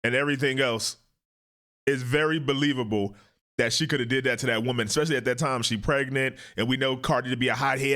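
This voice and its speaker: A man hosting casual commentary on a court video, animated and drawling, often jumping into high mocking impressions. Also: fast. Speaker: host.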